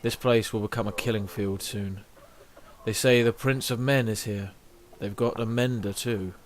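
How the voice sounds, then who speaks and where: A man reading aloud the lines of a grim male giant warrior in a video game, giving grave warnings in a low voice. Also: fairly even intonation, normal speed, a little hiss or hum, natural voice.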